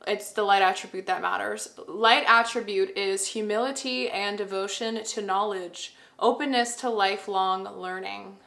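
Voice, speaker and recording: A woman talks through a tarot spread to her camera in a loose, chatty way, thinking aloud and gushing now and then. Her voice is bright and sits in the middle for pitch. The room around her rings with noticeable echo. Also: steady tone, unhurried, vocal fry. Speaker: tarot reader. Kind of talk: casual tarot reading to camera. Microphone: camera mic.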